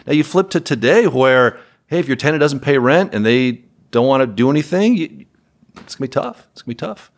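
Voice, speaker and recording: A man's voice: medium pitch, big pitch swings, fairly quick. A man who runs a property management company, speaking as a podcast guest in a candid, wry way with chuckles. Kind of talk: podcast interview conversation.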